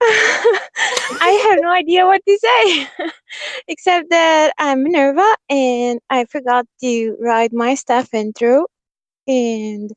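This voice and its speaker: A woman with a high voice, co-hosting a casual chat. She speaks slowly and hesitantly, giggles nervously and keeps putting herself down. Her voice is dry and close to the mic. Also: no room sound. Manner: nervous, giggly, self-deprecating. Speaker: radio show co-host.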